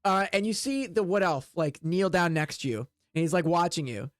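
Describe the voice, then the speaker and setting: A game master narrates a tabletop game in a loose, rambling way, leaning on fillers as the scene unfolds. The voice sits at a middle pitch and sounds close and dry. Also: animated, normal speed, dry recording. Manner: casual, filler-heavy, rambling.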